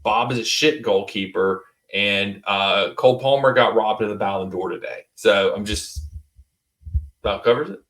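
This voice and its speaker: A man's voice: lowish voice, moderate pace, a bit bright. A man hosting a casual football podcast over a remote call, blunt and jokey, swearing casually and sounding tired. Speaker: podcast host.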